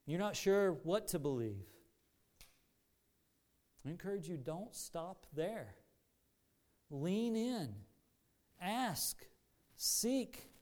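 A man preaching a sermon to a congregation in an earnest, deliberate manner with rising emphasis. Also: sits high, animated, a little mellow. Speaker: pastor.

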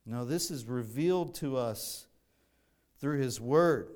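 A man preaching a sermon, explaining scripture in a measured way with frequent restarts. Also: mid-range voice, a little mellow.

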